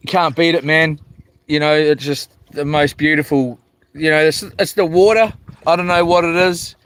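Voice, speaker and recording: His voice is fairly high and a bit bright, clean and steady, at a moderate pace. The Kiwi man chats on a live stream from a small outdoor boat, relaxed and full of slang as he reads out viewers' comments.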